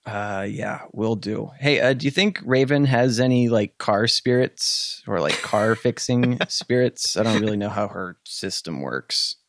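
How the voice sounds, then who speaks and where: A man's voice: fairly low pitch, unhurried, hardly any pauses, no echo. A man playing a tabletop role-playing game, chatting casually in character in an offhand, joking way. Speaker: player.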